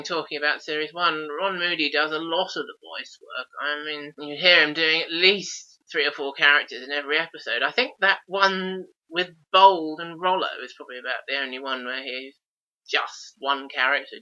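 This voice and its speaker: A man hosts a laid-back podcast with a very bright, sharp tone. He talks eagerly and reels off lists. The sound is dull and lo-fi. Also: fairly high pitch, fairly even intonation, normal speed. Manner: chatty, enthusiastic, lists things off. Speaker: podcast host. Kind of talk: casual podcast chat.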